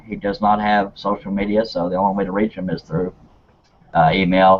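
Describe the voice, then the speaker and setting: A man's voice: lowish voice, level tone, moderate pace, lo-fi sound. A man hosting a live online hangout, chatty and rambling, laughing often. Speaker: host.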